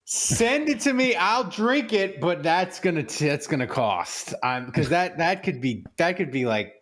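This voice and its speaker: A man's voice: fairly high pitch, animated, a little slow, fairly bright tone. A man hosting a sports podcast in casual chat, queasy after throwing up and rambling with repeated words. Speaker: podcast host.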